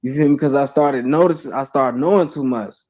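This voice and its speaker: A man's voice: mid-range voice, brisk, a little mellow. A man, a podcast guest telling stories in blunt, profane street talk. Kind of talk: casual storytelling.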